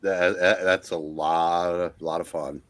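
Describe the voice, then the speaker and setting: An older man chatting casually about old comics, halting and restarting often as he reminisces. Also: sits low, fairly even intonation, fairly bright tone. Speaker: guest collector on a comic livestream. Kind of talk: casual chat.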